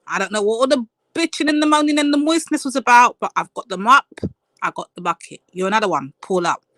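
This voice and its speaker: A woman's voice: fairly high pitch, expressive, quick pace, fairly bright tone, no echo. A woman hosting a live stream panel, telling a story in a blunt, swearing rant.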